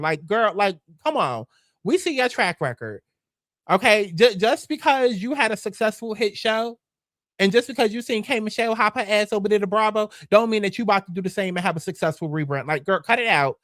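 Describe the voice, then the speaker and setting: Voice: medium pitch, fairly bright tone, no echo, clean studio sound. A gossip show host giving blunt, profane, sassy commentary in a casual, mocking way.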